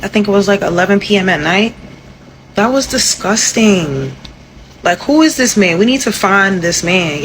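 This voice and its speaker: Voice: medium pitch, a bit bright, low-quality recording. Outraged speaker, faint background hiss. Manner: outraged, rhetorical questions. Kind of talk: commentary video.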